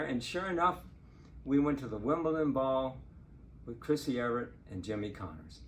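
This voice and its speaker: An older man, a lawyer, telling a true personal story in a chatty, animated way and laughing now and then. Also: mid-range voice, normal speed, a little hiss or hum. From Portsmouth, Virginia. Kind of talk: casual spoken storytelling.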